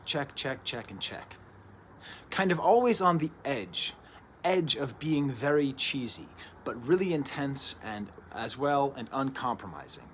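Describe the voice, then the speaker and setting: A mid-pitched man in his thirties talks through an album review in a loose, digressive way, doubling back and tacking on asides. He's recording at home early in the day. A faint hiss sits underneath his voice. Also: a bit bright. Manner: chatty and digressive, with frequent restarts and asides. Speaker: host of a music review show. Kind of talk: casual spoken record review.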